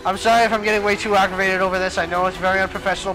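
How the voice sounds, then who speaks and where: A man's voice: high-pitched, flat delivery, racing, few pauses, music in the background, low-quality recording. A young man commentating his own gameplay as a let's play host, exasperated and exclaiming at the game.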